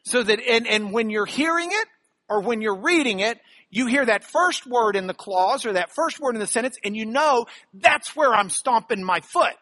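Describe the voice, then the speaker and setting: Lively, bright-voiced man teaching. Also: very high voice, moderate pace. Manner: animated, explains step by step with rhetorical questions. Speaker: bible teacher. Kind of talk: live teaching talk to an audience.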